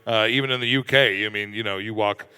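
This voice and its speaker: A man's voice: lowish voice, steady tone, fast talker, bright, forceful tone, clear, resonant tone. A man speaking as a panelist at a convention, talking loosely and casually with lots of fillers. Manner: loose, joking, lots of fillers like "you know" and "uh". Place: large convention hall. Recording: echoey convention hall.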